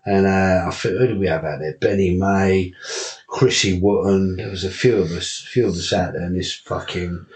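A man's voice: sits low, steady tone, moderate pace. Man swearing through boxing tales. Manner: swears often, laughs through anecdotes. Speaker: guest, unlicensed boxer and promoter. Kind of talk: casual storytelling interview.

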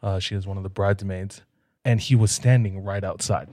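A man co-hosting a podcast, telling relaxed, easygoing anecdotes in casual chat. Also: deep voice, brisk, dry recording, studio quality. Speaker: podcast co-host.

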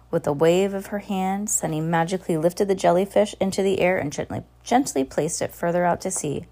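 A woman reading a children's chapter book aloud with expressive, animated storytelling. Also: lowish voice, normal speed, vocal fry. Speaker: storybook reader.

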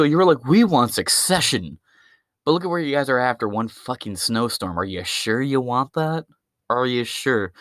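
A man's voice: medium pitch, fairly bright tone, dry recording, clean studio sound. A man hosting his own podcast, delivering a crude, profane, rambling stand-up style rant. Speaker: podcast host.

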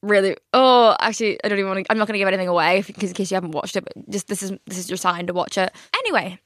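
A young woman hosting a podcast, telling stories in a chatty, rambling way full of fillers and lively quoted asides. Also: medium pitch, no echo, clean studio sound. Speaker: podcast host. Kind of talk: casual chat.

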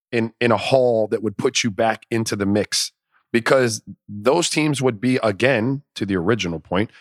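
A man co-hosting a casual sports podcast, talking in animated, profane riffs and acting out imagined inner dialogue. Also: medium pitch, no room sound, clean studio sound. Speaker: podcast co-host.

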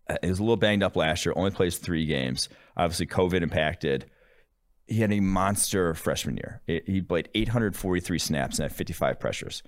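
Very deep-voiced man, dry close sound. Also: dry recording. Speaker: podcast co-host, draft analyst. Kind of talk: casual sports chat.

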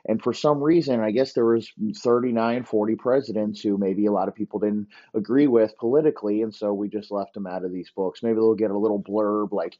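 A man rants through a profane, rambling comic monologue as a podcast host. His voice sits low and mellow. The recording sounds muffled and lo-fi. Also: steady tone, a little fast, hardly any pauses. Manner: crude, profane, ranting. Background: dogs barking.

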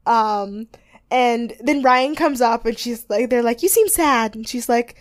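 A woman's voice: a little high, measured pace. A young woman co-hosting a podcast, recapping a TV show in rambling, giggly chat full of fillers and acted-out quotes. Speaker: podcast co-host.

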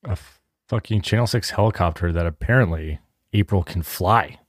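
A man with a low voice chats on a podcast in a loose, hedging way. He qualifies what he says, cracks jokes and throws in a curse now and then. The sound is dry and close to the mic. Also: moderate pace, dry recording. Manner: hedging, jokey, swears casually. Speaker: podcast co-host. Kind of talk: casual episode recap.

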